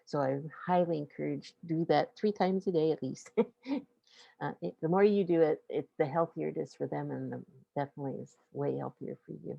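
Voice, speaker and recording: A woman's voice: low-pitched, a little fast, gravelly, no room sound, dull audio. A middle-aged woman hosting a webinar on pets and emotions, talking casually and often laughing as she acts out what owners and pets might say. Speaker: webinar host on pet emotions. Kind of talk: informal webinar talk.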